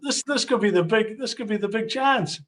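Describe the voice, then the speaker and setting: The host here is a middle-aged man whose high, fairly bright voice moves at a brisk clip. Rambling, he keeps restarting and repeating phrases as he runs a casual video interview and signs off to viewers.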